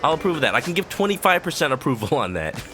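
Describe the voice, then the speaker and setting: A man's voice: on the high side, sing-song, very fast. A male streamer giving casual, rambling, joking commentary over gameplay.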